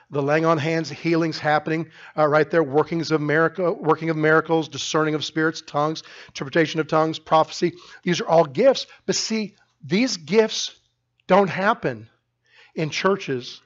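A male pastor preaching in a church, lively and storytelling, often stumbling over and restarting his words. His voice sits a little high, and the recording sounds dull and lo-fi. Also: moderate pace. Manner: animated storytelling with many restarts. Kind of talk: sermon. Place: church sanctuary.

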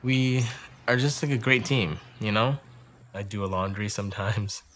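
A man giving a halting, earnest mock interview in a comedy sketch. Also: on the low side, a bit bright, slight background noise.

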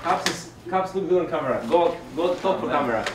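A man's voice: on the high side, lively intonation, fairly quick, far from the mic. A man joking and teasing in playful banter among teammates. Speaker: esports team player. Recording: echoey room with crowd noise.

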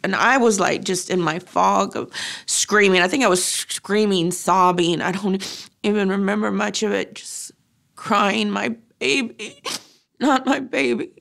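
A middle-aged woman speaking haltingly as she recounts her loss in a personal testimony, often pausing and using fillers. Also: mid-range voice, steady tone, gravelly, a bit bright. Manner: halting, grief-stricken, frequent fillers. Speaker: grieving mother interviewee.

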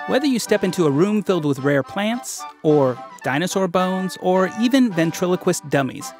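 A man debating on a kids' podcast with a dramatic, grand delivery. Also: high voice.

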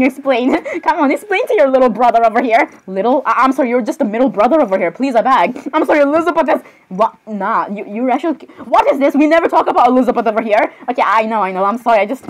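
A woman's voice: sits high, expressive, fast, hardly any pauses, rough recording. A woman doing a rambling comic voice-over for cartoon characters, apologizing over and over and breaking into jumpy squeals.

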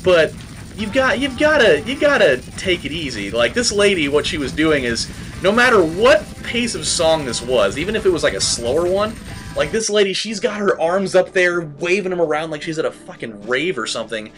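A man talks through his gameplay in a rambling, profane way and leans on "like" and "dude". His voice sits a little high and swings widely in pitch. Clear music plays behind him. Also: very animated, moderate pace. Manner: rambling, profane, says "like" and "dude" a lot, shouts at the game. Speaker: let's play host. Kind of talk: casual gaming commentary.

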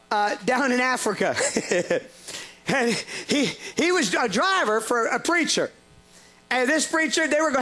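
A male preacher telling a lively story in a sermon, laughing often and restarting his sentences. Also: very high-pitched.

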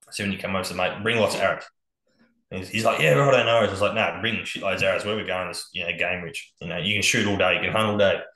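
An Australian man spinning yarns as a podcast guest, his voice bright and forward in a roomy space. He talks in a laid-back way, swearing freely and chuckling along. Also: low voice. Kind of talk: casual storytelling on a podcast.

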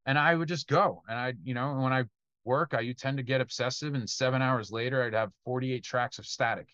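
A man's voice: mid-range voice, fairly even intonation, a little fast, fairly bright tone, clean tone, dry recording, highs cut off. A man who composes film music, answering student questions in a loose, conversational way, now and then swearing and acting out what directors tell him. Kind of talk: casual Q&A talk.

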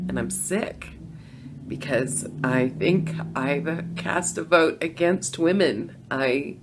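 Gravelly middle-aged woman telling her story. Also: on the low side, noisy background. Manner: chatty storytelling, laughs between lines, swings from hushed to loud. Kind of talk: personal testimonial vlog.

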